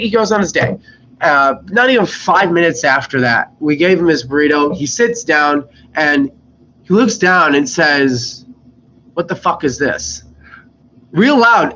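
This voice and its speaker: A young man with a fairly high voice tells rambling stories from an old job, cursing freely and acting out the rude customers. The recording sounds muffled, with a faint hiss underneath. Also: a bit bright. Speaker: vlogger. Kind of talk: casual storytelling.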